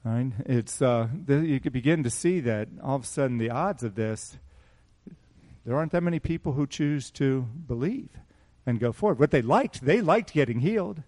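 A man's voice: mid-range voice, lively intonation, moderate pace, darkish tone. A man preaching a sermon to a small congregation, mixing conversational asides and rhetorical questions with scripture read aloud in a raised voice. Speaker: pastor.

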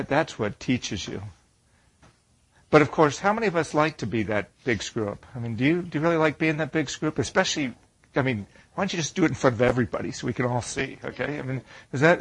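A man's voice: mid-range voice, rough recording. A middle-aged man preaching a conversational sermon, asking rhetorical questions and acting out complaining voices. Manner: animated, acts out whiny voices, rhetorical questions.

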